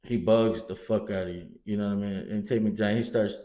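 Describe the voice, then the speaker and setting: On a podcast he co-hosts, a middle-aged man with a lowish voice and quick pace recounts family stories in relaxed conversation. He curses frequently and acts out what people said, an animated storyteller in a roomy, echoing space.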